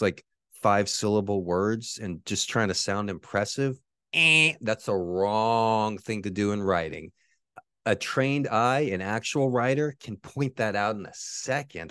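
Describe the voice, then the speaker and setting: A man's voice: fairly low pitch, fairly bright tone, dry recording, studio quality. A man hosting his own show, talking in a rambling, profane monologue full of restarts. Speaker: podcast host and author. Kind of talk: casual monologue.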